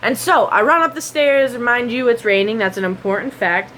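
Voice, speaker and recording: A woman talks straight into her camera, telling a story in a loose, rambling way full of "like" and "um". Her voice sits fairly high, and a faint hiss runs under the camera-mic sound. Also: lively intonation, normal speed, a bit bright. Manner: chatty and rambling, with many fillers and sound effects. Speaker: vlogger.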